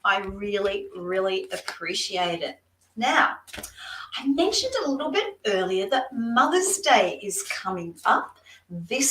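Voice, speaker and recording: A woman's voice: mid-range voice, fairly bright tone. An Australian woman doing psychic card readings on a livestream, chatty and effusive, talking straight to her viewers. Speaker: psychic reader, guest. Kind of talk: live-streamed card readings and chat. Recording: roomy room, distant mic.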